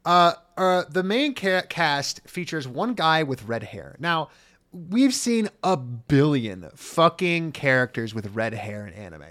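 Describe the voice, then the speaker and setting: A man's voice: a little high, big pitch swings, takes it slowly, fairly bright tone. A man co-hosting a comedy podcast, swearing and emphatic, often laughing while he talks. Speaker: podcast co-host. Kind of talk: casual comedic chat.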